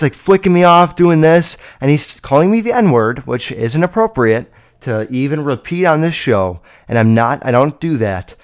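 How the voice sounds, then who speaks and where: A man in his twenties hosting a solo podcast, telling stories in a rambling, profane, animated way. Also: fairly high pitch. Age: 20s. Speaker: podcast host. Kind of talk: casual solo podcast storytelling.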